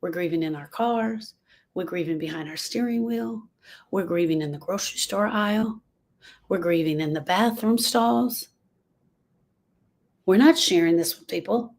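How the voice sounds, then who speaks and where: A woman's voice: lowish voice, moderate pace, long pauses, a little mellow. A woman speaking to a live group about grief, with an earnest, emphatic manner. She acts out what other people say. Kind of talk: motivational talk to a live group. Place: room with a live audience.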